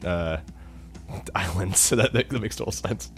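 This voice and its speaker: A man's voice: deep voice, a little slow, soft background music. An American man hosting a podcast, chatting casually, joking and stumbling over his words. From United States. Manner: stammering, joking, animated. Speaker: podcast host.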